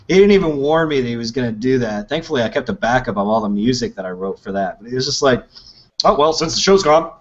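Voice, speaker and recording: A man co-hosting a podcast in casual chat, joking around and quick to laugh. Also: medium pitch. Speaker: podcast co-host. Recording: dull lo-fi audio with faint hiss.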